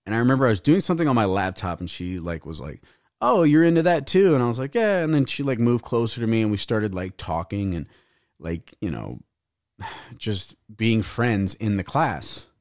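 A man's voice: lowish voice, big pitch swings, normal speed, a little mellow, no echo, studio quality. Profane rambling young podcast host guy. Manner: rambling, profane, acts out quoted voices. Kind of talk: casual storytelling. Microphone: podcast mic.

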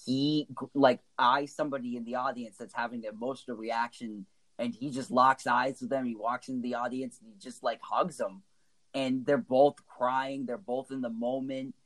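Excited man gushing about music. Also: medium pitch, moderate pace, poor audio. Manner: enthusiastic, emotional, many fillers. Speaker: podcast co-host. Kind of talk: casual music discussion.

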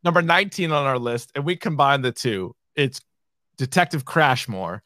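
A man's voice: mid-range voice, lively intonation, moderate pace, bright, forceful tone, no echo, studio quality. A man co-hosting a casual comedy podcast, laughing often and mimicking lines from clips he ranks. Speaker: podcast co-host. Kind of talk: casual comedy chat, quoting scenes.

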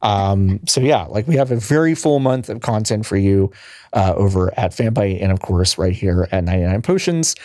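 A man's voice: lowish voice, lively intonation, moderate pace, mellow, no room sound. Casual man hosting a podcast, dry sound. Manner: rambling, filler-heavy, playful teasing. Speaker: podcast host. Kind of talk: casual podcast sign-off chat.

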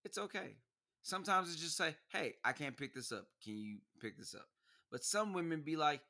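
A young man co-hosting a casual chat, slangy and animated, acting out quotes as he tells stories. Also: fairly high pitch, normal speed. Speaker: podcast co-host.

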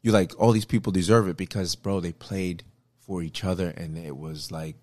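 A man in casual chat, telling a story with lively acted-out quotes and lots of repeated words. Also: low-pitched, normal speed, no echo. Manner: animated storytelling, acts out quotes; repeats words, frequent fillers.

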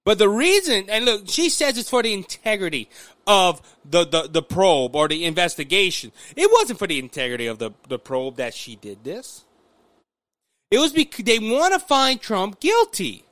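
Southern man, political commentary host, lively high voice, bright tone, dry close sound. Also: normal speed, no echo. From Louisiana. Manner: animated and rambling, frequent restarts.

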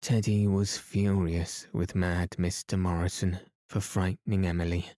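Slow, soothing male bedtime reader. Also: low voice, little pitch movement, dark tone, dry recording, clean studio sound. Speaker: sleep story narrator. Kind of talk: calm bedtime story reading.

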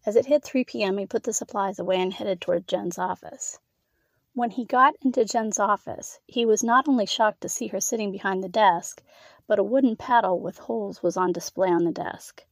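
A woman narrating a scripted erotic story in an even, measured reading. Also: medium pitch, gravelly, no echo.

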